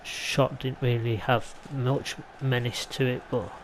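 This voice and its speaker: Over a noisy background, a man from England speaks slowly in a mid-range voice that barely moves in pitch. This gaming YouTuber chats casually through his football video game play, rambling off into mild side remarks.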